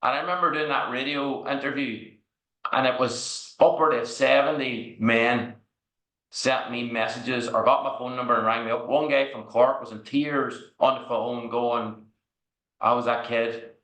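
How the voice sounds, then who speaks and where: A man's voice: mid-range voice, steady tone, normal speed, fairly bright tone. An Irish man as a podcast guest, telling frank, rambling stories and checking in with "right?" as he goes. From Ireland. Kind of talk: candid storytelling interview. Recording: echoey room recording.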